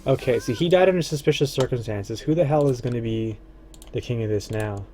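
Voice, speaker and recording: A man streaming a strategy game, casually thinking aloud and muttering to himself, his words often trailing off low. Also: fairly quick, warm tone, slight background noise.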